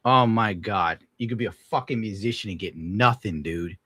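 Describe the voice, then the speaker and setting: A man's voice: fairly low pitch, moderate pace, bright, forceful tone, slightly rough, no room sound. A young adult man streaming, giving a bitter, crude, swear-heavy rant while reacting to clips. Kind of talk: casual ranting commentary.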